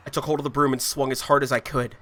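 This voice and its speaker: A streamer narrating a visual novel aloud, breaking into loud swearing reactions. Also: male voice, medium pitch, level tone, quick pace.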